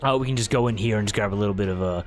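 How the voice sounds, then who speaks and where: A man running a tabletop game as game master, thinking aloud and halting with many fillers. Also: lowish voice, faint music behind.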